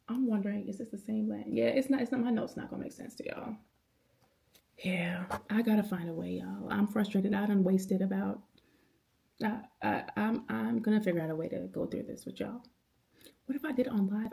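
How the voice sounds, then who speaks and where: A woman's voice: mid-range voice, fairly quick, vocal fry, warm tone. A woman in her thirties talking to camera at home in a casual, passionate, rambling late-night Bible chat, using slang and calling viewers y'all. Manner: passionate, rambling, with many restarts and laughs. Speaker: vlogger. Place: at home indoors.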